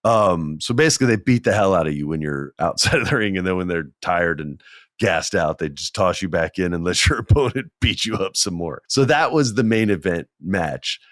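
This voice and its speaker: A man hosting a podcast, telling stories in a casual, animated way, acting out the quotes and laughing often. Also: normal speed, no room sound, studio quality. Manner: animated, acts out quotes with big jumps in pitch, laughs often. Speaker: podcast host. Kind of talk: casual storytelling.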